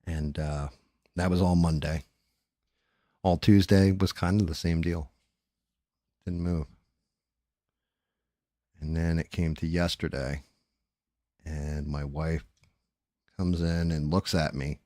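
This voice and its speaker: A man's voice: extremely low pitch, fairly even intonation, slow, long pauses, warm tone, no echo, studio quality. A middle-aged man, a streamer, talking candidly and rambling in casual chat, with some cursing.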